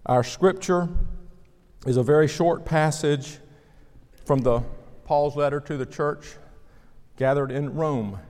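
A male pastor delivering a measured sermon, reading scripture and praying, letting his phrase ends fall away softly. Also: a little high. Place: church sanctuary. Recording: long reverb of a church sanctuary.

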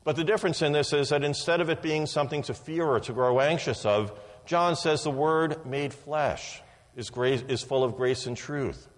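A pastor preaching a sermon at a measured pace, slowing down to lean on key words. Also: male voice, fairly high pitch, long reverb tail.

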